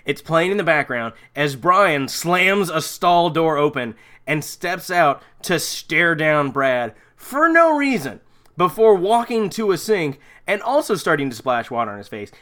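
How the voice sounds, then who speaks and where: A man's voice: on the high side, very animated, a little slow, sharp tone. A man hosting a comedy podcast, sarcastically recapping a bad horror movie with plenty of profanity. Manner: sarcastic, profane, mocking voices of characters. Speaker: podcast host.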